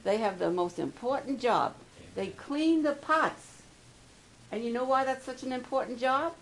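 A woman giving a devotional talk to campers and adults, asking the crowd questions and slowing down to stress key words. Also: a little high, expressive, a little hiss or hum, low-quality recording. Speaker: camp speaker.

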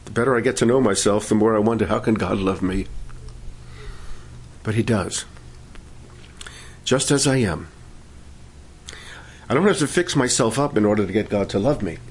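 A man leading worship and preaching a sermon, fervent in praise and gentle when he teaches. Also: fairly low pitch, moderate pace, pauses often, breathy edge. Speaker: pastor.

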